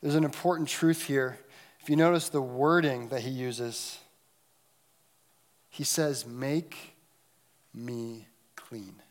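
A man preaching a sermon, swinging between loud emphatic lines and hushed, almost whispered moments. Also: medium pitch, takes it slowly, pauses often. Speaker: pastor.

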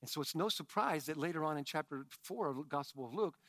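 A high-voiced man delivers a sermon, swinging from quiet, hushed phrases up to emphatic shouts. He throws in chatty asides to the congregation, and his bright tone comes through a close, dry recording. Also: expressive, quick pace, no room sound. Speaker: pastor.

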